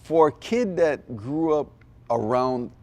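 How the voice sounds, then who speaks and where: A man's voice: mid-range voice, animated, slow, a little mellow. A man, a comedian guest sharing an earnest testimony with dry, self-deprecating jokes. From Hawaii. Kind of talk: candid testimony in a chat.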